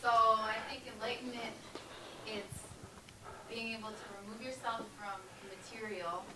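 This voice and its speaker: A woman's voice: on the high side, fairly even intonation, normal speed, noisy background. A woman in the audience answering the speaker thoughtfully. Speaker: audience member. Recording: roomy distant crowd mic.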